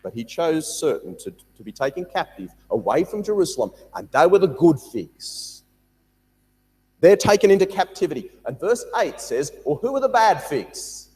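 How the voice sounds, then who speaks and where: A man leads a Bible study, reading verses and then pressing his points with repetition. His voice sits a little high and slightly husky, rising and falling in a lively way. The sound carries a long hall reverb. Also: normal speed. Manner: animated, repeats words, reads scripture aloud. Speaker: Bible teacher.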